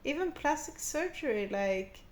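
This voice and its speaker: A woman's voice: sits high, lively intonation, unhurried. A woman delivering a satirical character monologue in a mock-serious, sarcastic rambling manner. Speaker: comedic vlogger.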